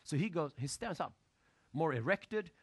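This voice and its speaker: A man lecturing an audience with lively storytelling, asking questions and using loose, broken grammar. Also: a little high, normal speed, slightly rough, no room sound. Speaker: motivational speaker.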